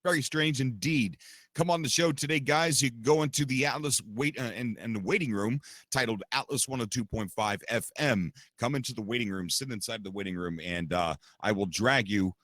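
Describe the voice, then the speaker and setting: A man's voice: medium pitch, fairly quick, fairly bright tone, no echo, clean studio sound. A man hosting a livestream podcast, chatting casually and rambling straight to his viewers. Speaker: podcast host and streamer.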